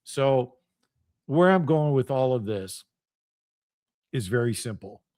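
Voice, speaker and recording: A man's voice: mid-range voice, expressive, takes it slowly, darkish tone, no echo, clean studio sound. Ranting, profane middle-aged man. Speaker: radio show host. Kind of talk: heated solo monologue.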